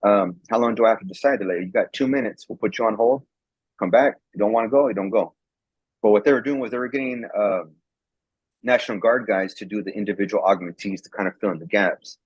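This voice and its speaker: A man's voice: on the low side, quick pace, slightly rough, dry recording. A man, a former soldier, telling a story in a casual, rambling way and acting out the quoted dialogue, often repeating words. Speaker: guest, former National Guard soldier. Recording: dull lo-fi sound.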